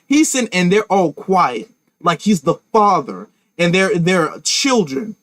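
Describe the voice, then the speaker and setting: A man's voice: high voice, very animated, moderate pace, dry recording, studio quality. A man giving emphatic political commentary to his viewers, with lots of restarts. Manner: emphatic, talks to viewers directly, repeats and restarts. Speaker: commentary channel host.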